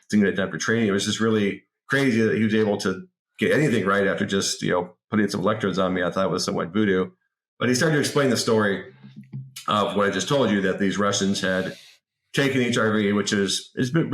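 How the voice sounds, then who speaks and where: A man in his forties telling an anecdote as a podcast guest in a lively, casual way, often repeating words. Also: sits low. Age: 40s. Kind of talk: casual interview storytelling. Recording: roomy echo.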